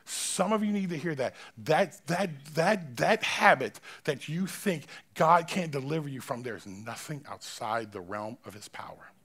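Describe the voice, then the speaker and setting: Male pastor, Southern American, fiery but slangy sermon delivery, bright raised voice, drops to a hush at times. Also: expressive, a little slow, few pauses, husky. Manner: swings between loud preaching and low, close talk; casual, slangy phrasing. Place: church.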